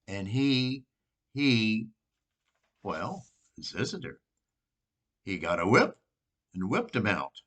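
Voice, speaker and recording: An older man, a priest, giving an informal, rambling sermon reflection with pauses and restarts. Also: fairly low pitch, big pitch swings, a bit bright.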